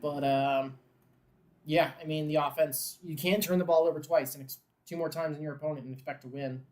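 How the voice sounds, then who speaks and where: A man hosting a live watchalong who mixes glum fan grumbling and swearing with play-by-play calls that build in excitement on big plays. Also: fairly high pitch, brisk. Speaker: host of a live game watchalong. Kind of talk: casual live game commentary.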